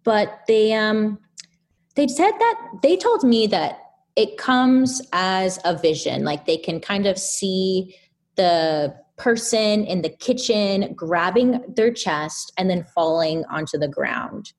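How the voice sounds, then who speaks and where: A woman guest on a podcast, telling a story in a casual, animated way with lots of fillers. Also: mid-range voice, slow. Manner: animated, chatty, filler-heavy.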